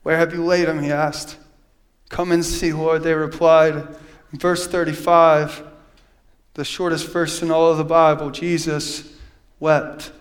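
High-voiced man preaching a sermon. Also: flat delivery, measured pace. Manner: reads scripture aloud, swings from loud preaching to hushed. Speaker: pastor. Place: church.

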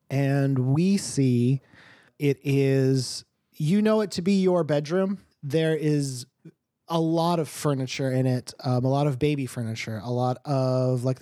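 GM, man, slow rambling narration, dry close mic. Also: mid-range voice, mellow, no room sound. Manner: meandering, filler-heavy narration. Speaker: game master. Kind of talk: narrating a tabletop game.

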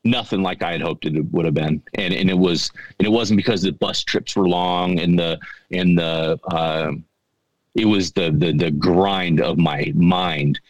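A middle-aged man telling a story on a podcast in a halting, earnest way, often repeating his words. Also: low-pitched, steady tone, no room sound, dull audio. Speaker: podcast guest. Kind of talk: casual storytelling.

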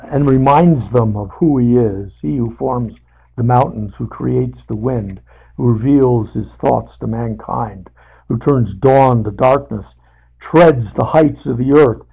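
A man leading a casual Bible study, talking haltingly with many fillers and restarts, and putting emphasis on paraphrased scripture. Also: mid-range voice, gravelly, warm tone, husky, rough recording.

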